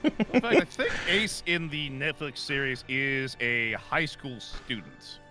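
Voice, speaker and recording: A man's voice: mid-range voice, a little slow, music in the background. A man chatting casually on a stream while building a model kit, joking and riffing with quips. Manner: jokey, animated, riffing with quips.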